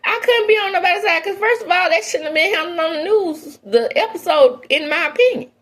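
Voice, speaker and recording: This woman talks fast with a lively, slightly bright delivery as she hosts a celebrity gossip program. Her candid, casual takes veer between quiet murmured asides and high-pitched exclamations.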